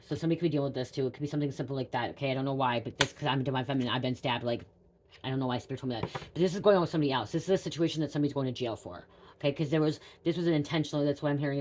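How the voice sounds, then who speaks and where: Deep low-voiced lady rambling fast, repeats herself a lot, swears, keeps saying you guys. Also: darkish tone. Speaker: psychic reader. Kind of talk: casual storytelling to viewers.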